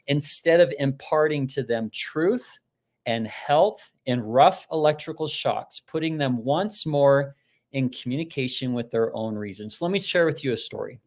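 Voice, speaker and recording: A man speaking live as a motivational speaker, with an ordinary mid-range pitch. He tells stories in an animated way and acts out the voices he quotes. He talks in a loose, conversational way and restarts his sentences often. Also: moderate pace. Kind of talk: live-streamed motivational talk.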